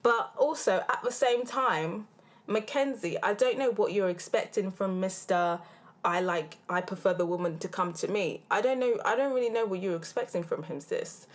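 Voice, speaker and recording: A British woman in her own casual recap channel, talking fast and freely in slang. She is blunt and animated, openly exasperated with the people on screen. Her voice sits at an ordinary middle pitch, recorded close on a small handheld recorder. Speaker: reality TV recap host. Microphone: handheld field recorder.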